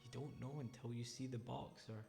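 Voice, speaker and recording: A man casually commenting on his own game playthrough, chatty and thinking out loud about each move. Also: mid-range voice, steady tone, brisk, gravelly. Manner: chatty, thinks aloud over choices. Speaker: gaming channel host. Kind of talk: casual let's-play commentary. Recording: game music underneath. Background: game music.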